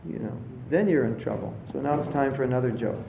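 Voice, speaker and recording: A man's voice: medium pitch, fast, creaky, slight background noise. A man giving a casual spiritual talk to an audience, telling jokes and stories and briefly acting out voices in them. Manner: storytelling, acts out voices in his anecdotes. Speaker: spiritual teacher. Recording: roomy, slightly dull lecture recording.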